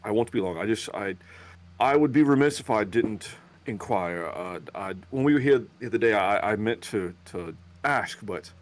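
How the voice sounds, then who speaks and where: A man's voice: lowish voice, expressive, normal speed, natural voice. A man voicing a nervous, devout male pilgrim in a tabletop game, stammering and repeating words in formal, humble speech. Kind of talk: tabletop game role-play.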